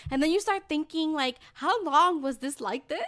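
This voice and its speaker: A young woman with a high, bright voice tells stories in a loose, casual podcast chat. She is animated and swears freely, breaking into loud bursts as she goes. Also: normal speed. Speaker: podcast co-host.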